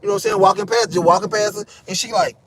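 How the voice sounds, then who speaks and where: A young man with a high voice rants through a story in a heated, profane vlog. He jumps into raised voices whenever he quotes someone. Faint noise hums behind him. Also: steady tone, racing, fairly bright tone. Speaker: vlogger. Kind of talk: animated storytelling rant.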